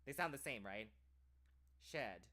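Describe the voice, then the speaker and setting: A man's voice: medium pitch, animated, moderate pace, fairly bright tone. An American man talking in a casual, rambling way, with many "like"s and restarted phrases. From United States. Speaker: streamer.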